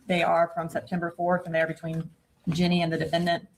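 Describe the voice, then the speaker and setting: A woman prosecutor questions a witness in court with a low, gravelly voice. She moves through measured, leading questions, punctuating them with a steady "okay", over a faint hiss of background noise. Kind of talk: courtroom examination.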